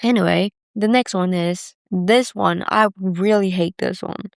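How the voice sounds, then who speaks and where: Speaking a little slowly, a young podcast host rambles alone through candid, casual confessions, with "like" peppered throughout. Her medium-pitched voice is creaky yet smooth, captured in a clean studio with no room sound.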